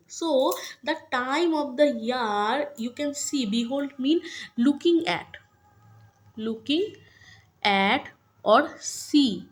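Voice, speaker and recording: A woman's voice: on the high side, measured pace. A woman with an Indian English accent explaining a poem line by line, hesitant with many fillers and restarts. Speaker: literature teacher. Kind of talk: slow lecture explaining a poem.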